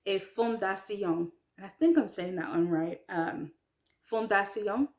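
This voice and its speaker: This is a chatty woman, English her first language, learning French in a casual piece to camera. Her voice sits in the mid-range, and she pokes fun at herself, says um and like a lot, and takes her French words slowly and carefully.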